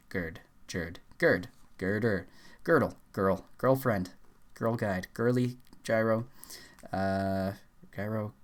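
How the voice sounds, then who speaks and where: A man reading dictionary words aloud as fast as he can, rushing through the list and stumbling over words. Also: fairly low pitch. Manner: rushed word-list reading with stumbles and fillers. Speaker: YouTuber. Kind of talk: rapid dictionary read-aloud challenge.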